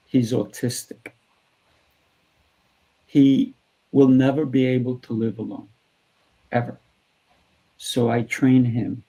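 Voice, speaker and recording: Gravelly, husky-voiced male trainer telling stories. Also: medium pitch, warm tone, rough recording. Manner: acts out both sides of dialogue in anecdotes. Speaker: martial arts trainer and show host. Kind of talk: storytelling in podcast conversation.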